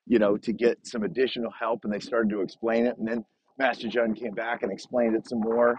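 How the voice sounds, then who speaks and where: A man's voice: lowish voice, flat delivery, fairly quick, slightly rough, lo-fi sound. A middle-aged man hosting a podcast while out on a snowy walk, upbeat and chatty with plenty of filler words, coming down with a cold. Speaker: podcast host and coach. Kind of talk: casual solo podcast monologue.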